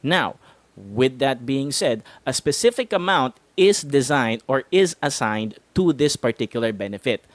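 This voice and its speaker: A male host with a medium-pitched, lively voice runs an explainer talk at a measured pace, chatting and laughing between points and giving some words a sing-song stress. Hip hop music plays under his voice, with no echo.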